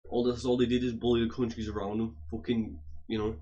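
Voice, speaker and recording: A man's voice: mid-range voice, level tone, quick pace, few pauses, dark tone. Swearing man in a heated rant. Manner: heated, swearing, repeats and restarts phrases. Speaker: vlogger. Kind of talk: angry profane rant to camera.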